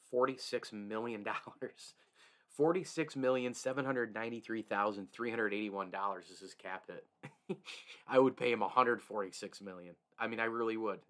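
A man's voice: mid-range voice, a bit bright. A man hosting a solo sports podcast, opinionated and emphatic, with frequent restarts and chuckles. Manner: reads host-read ads.

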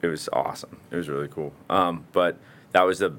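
A man's voice: sits low, steady tone, brisk, fairly bright tone, slight background noise. A young man talking casually and rambling about his mural work, with frequent swearing and laughs. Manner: laid-back, rambling, swears and laughs often. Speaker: muralist guest. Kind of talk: casual chat.

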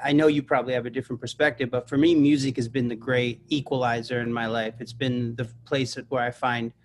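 A man's voice: medium pitch, slight background noise. A man in his thirties, an actor and musician, talking as a guest in a casual podcast chat, reflective and earnest as he builds long thoughts. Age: 30s.

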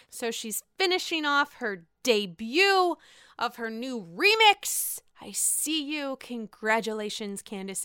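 Bright, excitable woman gushing through a recap. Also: a little high, slow pace, clean tone, no room sound, studio quality. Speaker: reality TV recapper. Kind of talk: casual episode recap.

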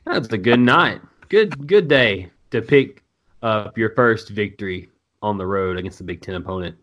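A man's voice: lowish voice, lively intonation, normal speed, fairly bright tone. A man from South Arkansas with a Southern accent, co-hosting a sports podcast, joking and trash-talking playfully. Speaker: podcast co-host. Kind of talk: casual sports chat.

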